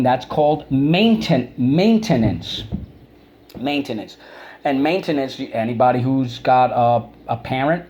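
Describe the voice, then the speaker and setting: The highs are cut off in this recording of a man with a medium-pitched, darkish voice teaching vocabulary to children. Drawing out each syllable, he coaxes his students into repeating the words.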